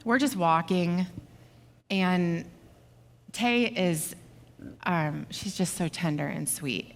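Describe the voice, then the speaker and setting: A middle-aged woman co-preaching with her husband, telling a personal story in a candid, halting way with many fillers. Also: lowish voice. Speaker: pastor's wife, co-speaker. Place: church auditorium. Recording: reverberant hall.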